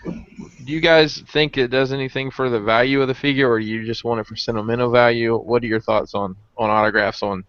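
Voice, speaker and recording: A man's voice: medium pitch, steady tone, a little fast, a bit bright, dry recording. A man hosting a casual collector chat, rambling with many restarts, over dull lo-fi stream audio. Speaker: podcast host.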